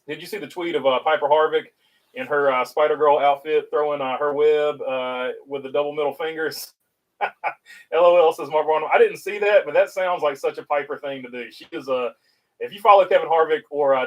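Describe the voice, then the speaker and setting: A man's voice: fairly high pitch, a little fast, recorded from a distance, rough recording. A man with a North Carolina Southern accent hosting a casual livestream, reading viewer chat aloud and rambling with lots of filler uhs.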